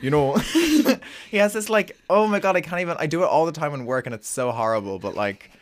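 A man's voice: fairly high pitch, very animated, a little fast, no room sound. A young man co-hosting a podcast, rambling through gossip with frequent laughs. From Ireland. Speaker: podcast co-host. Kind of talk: casual chat.

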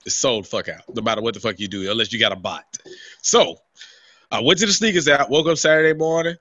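A man's voice: medium pitch, fast, no room sound, highs cut off. A man co-hosting a podcast, telling a long, heavily profane rant in casual chat and acting out what people said to him. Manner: animated, swears constantly, acts out his own quotes. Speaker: podcast co-host.

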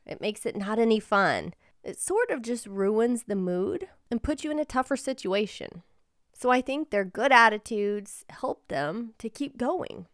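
A woman's voice: on the high side, dry recording, clean studio sound. A woman hosting a personal storytelling podcast, telling a story in an earnest, encouraging way. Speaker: podcast host and life coach.

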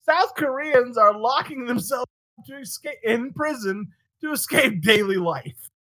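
A man hosting a podcast, chatting casually with a bright, forceful tone. He is animated, swears a lot and laughs between lines. The sound is dry and close. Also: extremely high pitch, a little slow, no echo. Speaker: podcast host. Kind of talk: casual chat.

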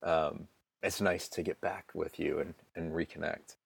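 A man with a low voice hosts a casual interview, chatting loosely and rambling with fillers. The sound is dry and close, with no room echo. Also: steady tone, a little slow, creaky, breathy edge. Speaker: interview host.

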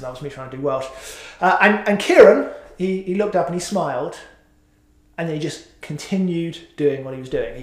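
Man, middle-aged, pastor, sermon, conversational, self-mocking, filler words, echoey room. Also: on the high side. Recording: echoey hall.

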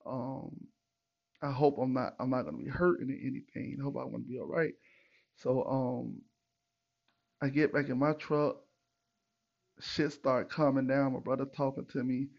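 A man hosting a podcast, telling a story in a casual, animated and profane way, acting out what people said. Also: mid-range voice, moderate pace, vocal fry, long pauses, muffled recording. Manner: animated, profane, retells with acted quotes. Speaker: podcast host.

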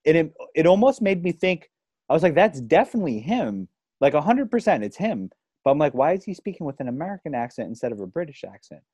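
A man's voice: a little high, sing-song, fast, darkish tone, slightly rough, dry recording. A young man hosting an interview, telling a rambling story full of fillers. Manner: chatty, rambling, filler-heavy. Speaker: podcast host.

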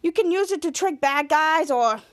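Woman doing a loud goofy inventor guy. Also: sits high, animated, moderate pace. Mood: playful.

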